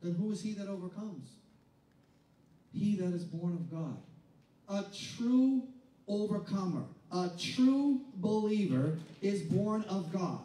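A high-pitched male pastor preaching in a conversational style, who plays out the voices of reluctant churchgoers before building to loud, emphatic peaks. He sounds far from the mic in a reverberant room, with a faint hum of ambience behind him. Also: animated, slow pace. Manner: conversational preaching, acting out doubters' voices, building to shouted climaxes. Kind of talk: sermon. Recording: echoey room picked up from a distance, faint ambience.

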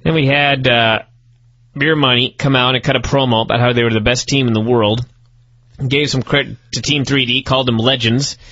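A man's voice: medium pitch, steady tone, normal speed, pushed and bright, no room sound, lo-fi sound. A man co-hosting a wrestling review podcast, sarcastic and profane, working himself up into incredulous rants. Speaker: podcast co-host. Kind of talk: casual wrestling review chat.

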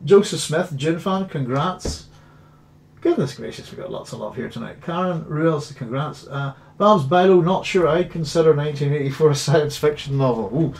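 Chatty Northern Irish man hosting. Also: on the high side. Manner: chatty, reads viewer comments aloud and hums between them. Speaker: host. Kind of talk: live stream chat.

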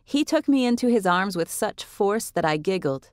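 A woman narrating a novel in the first person, in a measured, expressive way. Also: medium pitch, no room sound, studio quality. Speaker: audiobook narrator.

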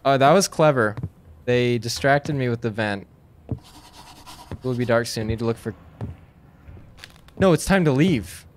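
A man playing a horror game and talking to his viewers. He reads the game text in a hushed voice, then breaks into sudden panicked yelps and nervous jokes. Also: medium pitch, animated, a little slow, pauses often, slight background noise. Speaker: gaming streamer.

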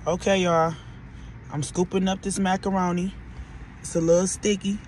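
A man from Detroit with a Detroit accent, chatting casually to viewers while he eats and reviews fast food, often calling them "y'all". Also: sits high, little pitch movement, darkish tone, slight background noise. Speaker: podcast host reviewing food.

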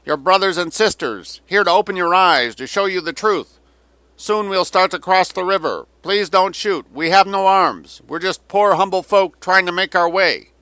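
A man voicing a male agitator who booms pleas across a river through loudspeakers. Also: normal speed, dry recording, rough recording. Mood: pleading. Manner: booming, pleading oratory.

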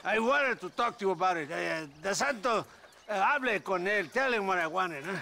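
An actor playing a jovial, drunken middle-aged Mexican colonel who laughs between words, with a Mexican accent, in a video game. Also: male voice, high voice, lively intonation, normal speed, vocal fry, pushed and bright, full character voice. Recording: noisy game audio.

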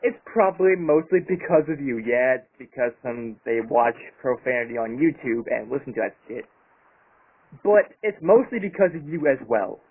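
A man's voice: medium pitch, animated, moderate pace, slightly rough. A man delivering an angry, profanity-heavy vlog rant about his channel. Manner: angry, profane, emphatic ranting. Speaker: YouTuber. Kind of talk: ranting vlog monologue. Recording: tinny phone-like sound.

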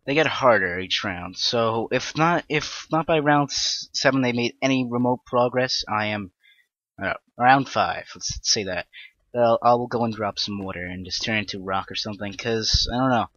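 A young man narrating his gameplay in a bright, middle-pitched voice. He rambles and second-guesses himself, and now and then breaks into panicked yelps. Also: normal speed, no echo, dull audio. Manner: rambling, self-deprecating, with sudden panicked outbursts. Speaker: Let's Play gamer. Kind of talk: casual gameplay commentary.

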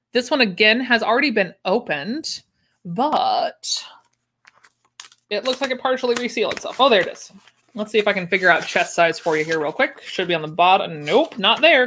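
A woman's voice: mid-range voice, fairly bright tone, a little hiss or hum. A young woman chatting casually on a livestream, with wry asides and easy laughs. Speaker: livestream host unboxing sewing patterns. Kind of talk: casual chat.

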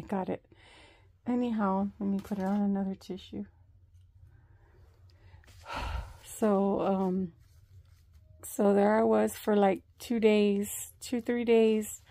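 Slow, gravelly woman vlogger. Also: mid-range voice, dark tone, no echo. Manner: slow, rambling, with many fillers and restarts. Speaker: vlogger sharing a health update. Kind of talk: casual storytelling to camera.

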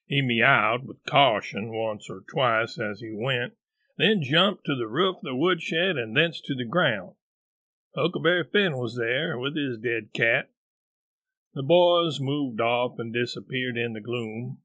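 A man narrating a classic novel in a measured, deliberate storytelling manner. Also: mid-range voice, pushed and bright, no room sound. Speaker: audiobook narrator. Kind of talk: audiobook narration.

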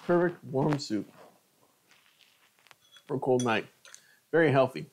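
A man's voice: on the high side, expressive, a little slow, long pauses, slight background noise. A middle-aged man hosting a live cooking stream, chatting casually and savoring each bite of food between remarks. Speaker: cooking channel host.

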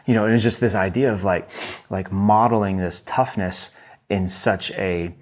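A man with a fairly low voice hosts a casual solo podcast and reviews a book he loves. He rambles eagerly, restarts his sentences and fills the gaps with "like" and "um". He sounds like an American in his thirties. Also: fairly even intonation, moderate pace. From United States. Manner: enthusiastic, rambling, many fillers and restarts.

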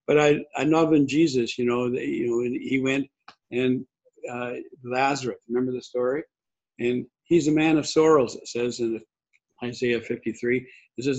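An older man giving a conversational sermon, husky, rambling and restarting often. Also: mid-range voice, steady tone, moderate pace, darkish tone. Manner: rambling, many restarts and fillers. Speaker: pastor. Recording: dull lo-fi recording.

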